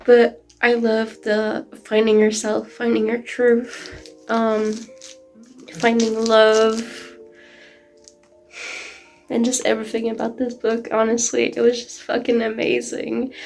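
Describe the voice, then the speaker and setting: A woman chatting casually in a reading vlog, gushing excitedly and peppering her talk with "like.". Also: on the high side, slow pace, vocal fry, pauses often, soft background music. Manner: gushing, excited, heavy use of "like". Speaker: book vlogger.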